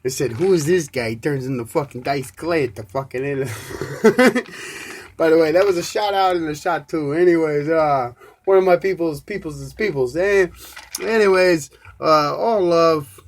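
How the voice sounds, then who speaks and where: A man hosting a solo live podcast, ranting in a rambling, profane way, swinging from loud outbursts to low mumbles. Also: normal speed, a little hiss or hum. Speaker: podcast host.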